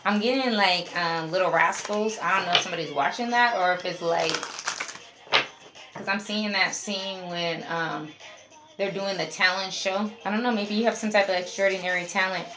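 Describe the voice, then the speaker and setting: A woman's voice: medium pitch, fairly even intonation, moderate pace. A woman giving a casual tarot reading, chatty and talking straight to her viewers as a group. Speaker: tarot reader. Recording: roomy echo, faint music behind.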